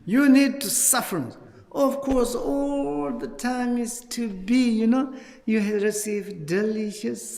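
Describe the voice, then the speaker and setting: A Buddhist teacher speaks at a retreat with a high, light voice and a slow, deliberate pace. His English is halting and full of restarts, and he leans on repeated words for emphasis. A long reverb from the hall trails each phrase. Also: a little mellow. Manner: halting non-native English, many fillers and restarts.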